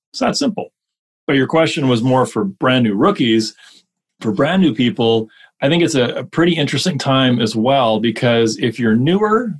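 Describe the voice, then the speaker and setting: A man coaching mortgage brokers in a casual podcast conversation, energetic and quick to rattle off lists of examples. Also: medium pitch.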